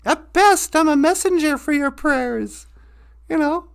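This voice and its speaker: A woman's voice: sits high, a little slow, vocal fry. A woman voicing a chatty, self-mocking old male eagle in a spoken storybook. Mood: grumbling.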